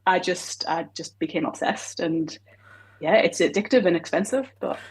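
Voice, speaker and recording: A woman's voice: fairly low pitch, moderate pace, husky. A woman with a North East English accent, a guest on a podcast, talking modestly about her hobby in casual chat. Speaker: guest cosplayer.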